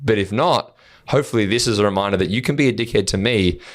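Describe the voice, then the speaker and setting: A man's voice: on the low side, fast talker. A man co-hosting a podcast, talking earnestly and swearing freely as he acts out his replies to online trolls. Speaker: podcast co-host. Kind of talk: casual podcast chat.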